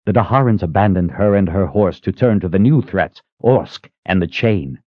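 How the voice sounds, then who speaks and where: Low-voiced man narrating a fantasy audiobook. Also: animated, normal speed, no echo. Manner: dramatic reading with shifting pace. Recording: slightly muffled dry recording.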